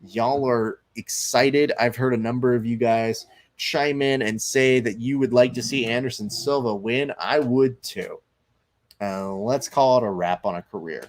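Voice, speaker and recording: A man's voice: mid-range voice, a little slow. A man hosting a live stream, chatting loosely, reading viewer comments aloud and commenting on fights. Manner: loose, chatty, swearing, reads chat aloud.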